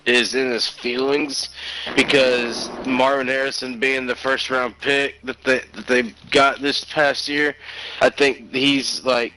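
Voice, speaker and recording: A man's voice: mid-range voice, background noise. A man co-hosting a podcast, talking football in a hesitant, laid-back way with fillers. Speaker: podcast co-host. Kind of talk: casual sports chat.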